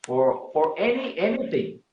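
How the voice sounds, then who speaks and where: A man's voice: fairly high pitch, sing-song, measured pace, a little hiss or hum. A man talking earnestly in a casual conversation, explaining his views fluently with some fillers. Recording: dull, echoey room sound.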